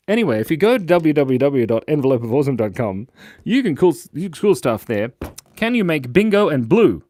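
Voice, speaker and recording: A man hosting a children's drawing livestream, chatting casually and reading out viewer comments in a playful way that swings between loud bursts and mumbled asides. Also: medium pitch, dry recording. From Australia. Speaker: livestream drawing host for kids. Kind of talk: casual live-stream chat reading comments. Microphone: mic set in a beard.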